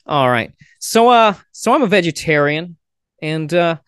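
Casual male podcaster, lively pitch, dry close mic. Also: unhurried, clean tone, no echo. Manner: chatty joke telling with fillers. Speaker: podcast host. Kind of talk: casual video chat with strangers.

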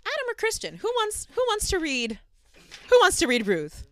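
A woman's voice: extremely high pitch, huge pitch swings, normal speed, fairly bright tone, no room sound. A young adult woman hosting a podcast, telling a true-crime story in a chatty way full of fillers. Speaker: podcast host. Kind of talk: casual true-crime narration.

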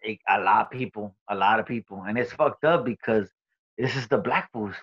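Man, interview guest, profane halting storytelling, lots of fillers, dull lo-fi recording. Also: on the low side, husky.

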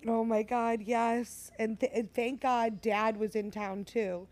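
A woman in her twenties telling a story in casual chat, animated, laughing often and swearing. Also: a little high, slow pace. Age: 20s.

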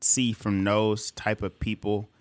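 A man with a lowish voice, thinking out loud in a relaxed podcast chat. He hedges and restarts as he works through his point. The sound is close and dry. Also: slow, no room sound. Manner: reflective, hesitant, laughs often. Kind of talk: casual chat.

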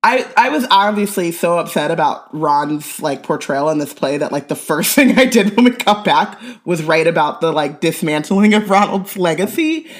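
A woman's voice: on the low side, animated, moderate pace, hardly any pauses. A woman co-hosting a podcast in casual chat, emphatic and often laughing. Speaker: podcast co-host.

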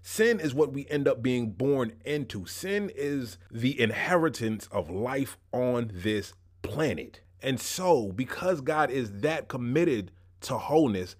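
A man preaching a sermon in a relaxed, conversational way, slipping in casual slang and shifting his pace between slow emphasis and quick asides. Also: mid-range voice. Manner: uneven pace, slowing for emphasis and rushing asides. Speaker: pastor.

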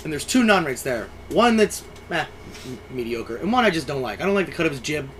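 Lively crude storytelling guy. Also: on the high side, quick pace, slight background noise. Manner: crude, self-mocking, animated storyteller. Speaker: podcast co-host, sailor. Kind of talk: casual chat, storytelling.

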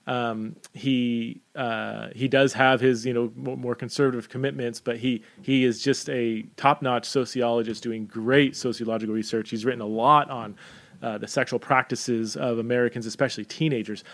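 A man talking casually through book recommendations, halting often with fillers and restarts. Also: mid-range voice, fairly even intonation, fairly bright tone. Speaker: book reviewer.

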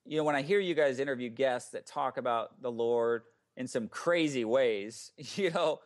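A man's voice: mid-range voice, moderate pace. Chatty man rambling on a podcast. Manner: rambling, lots of "like" and restarts. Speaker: podcast guest, ministry founder. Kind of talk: casual podcast conversation.

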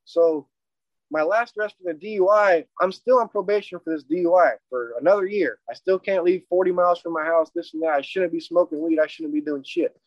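A man casually retelling a personal story in a rambling, profane, animated way. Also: a little high, fairly quick, no echo. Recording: dry, dull lo-fi audio.

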